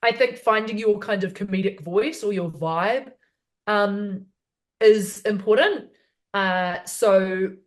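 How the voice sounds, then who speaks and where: Upbeat New woman comedian. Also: mid-range voice. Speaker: comedian guest. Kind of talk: casual interview chat.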